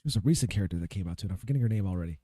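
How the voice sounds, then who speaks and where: Man ranting through casual game commentary, animated delivery, dead-dry mic. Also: sits low, racing, husky, no room sound. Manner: ranting, swears freely, talks to himself while searching. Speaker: gaming video creator.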